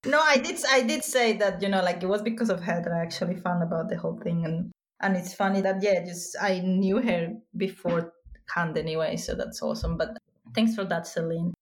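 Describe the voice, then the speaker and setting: A woman guest in casual chat, excitable and rambling, with many fillers and restarts, over a remote call. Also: lowish voice, a little fast.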